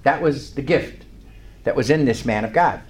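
A man's voice: mid-range voice, normal speed. An older man preaching a sermon in a church, telling a story with emphatic, rising lines. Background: congregation responding.

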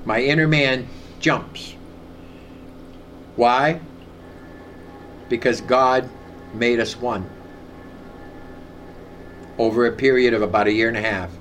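A man's voice: mid-range voice, fairly even intonation, slow pace, pauses often, a bit bright, slight background noise. A man preaching a sermon, telling a personal story and leading the congregation in repeating lines. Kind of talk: sermon with call and response.

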